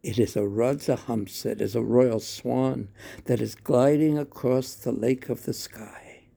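A kindly old village woman in a storybook, hushed and whispery, gently correcting a child, as a man puts her on. the voice is dark, husky and slow. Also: mid-range voice, steady tone, exaggerated voice. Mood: tender. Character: elderly cowherd woman, kindly.

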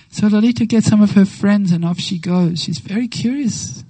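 A woman giving a devotional talk, telling a sacred story with lively acted-out quotes and slow, reverent phrasing. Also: mid-range voice, slightly rough, no echo, low-quality recording. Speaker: devotional speaker.

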